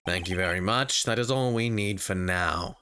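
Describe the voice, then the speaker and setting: A man's voice: deep voice, normal speed, pushed and bright, slight background noise, voice pushed down. A man voicing a haughty young male prosecutor, speaking in a clipped, superior way over game music. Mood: cold, haughty.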